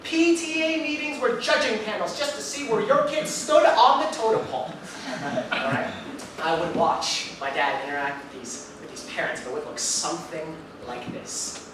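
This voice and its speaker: A man in his twenties performing a one-man stage monologue, telling his story with animated asides to the audience. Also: high voice, normal speed. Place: live theater stage with audience. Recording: echoey stage recorded from far off with audience noise.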